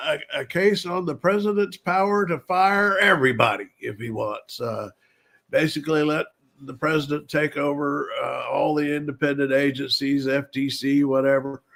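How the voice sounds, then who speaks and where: Casting: older man, host, gravelly and bright-edged, rambling with frequent pauses. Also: a little high. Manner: halting, many filler pauses and restarts. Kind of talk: casual talk show hosting.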